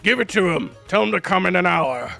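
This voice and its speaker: A man voicing a big, brawny half-orc woman who runs a pie stall, loud, teasing and drawn-out in her talk. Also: sits high, animated, gravelly, soft background music, voice pushed up, exaggerated voice. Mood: bold hearty.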